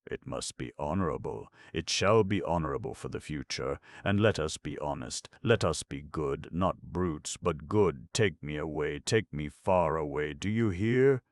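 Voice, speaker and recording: A man voicing a wild, tipsy young woman who pleads in a high, breathless voice. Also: animated, a little slow, hardly any pauses, dry recording, studio quality, full character voice. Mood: earnest. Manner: breathless, imploring, high and strained.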